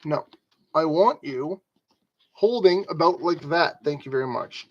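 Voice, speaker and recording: A high-pitched man talks his way through a model kit build, unhurried and rambling. He scolds stubborn tools and pokes fun at himself. The sound is dull and lo-fi. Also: expressive. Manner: rambling, talks to objects, self-deprecating. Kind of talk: rambling casual build vlog.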